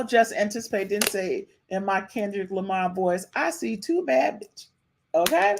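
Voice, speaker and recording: Sassy, animated woman podcast host. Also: mid-range voice, slight background noise. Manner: animated, sassy, repeats herself often. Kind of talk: casual live-stream chat.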